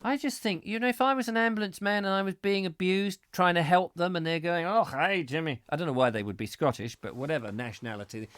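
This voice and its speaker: A man's voice: high voice, fast, hardly any pauses, fairly bright tone, clean tone, no echo, clean studio sound. A middle-aged man hosting a live comic chat show, reading out viewer comments with playful, rambling jokey asides.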